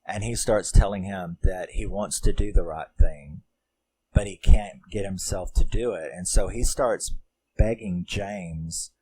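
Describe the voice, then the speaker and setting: A man's voice: low voice, measured pace, warm tone, a little hiss or hum, low-quality recording. A man casually recapping a film, rambling and emotional, with lots of fillers and swearing. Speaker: film reviewer.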